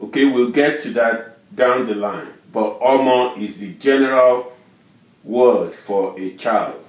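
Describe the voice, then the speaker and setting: A man teaching a language lesson, drilling syllables and tones slowly and patiently. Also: medium pitch, reverberant. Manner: drills syllables and tone names, repeating words slowly. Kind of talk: slow, patient pronunciation lesson.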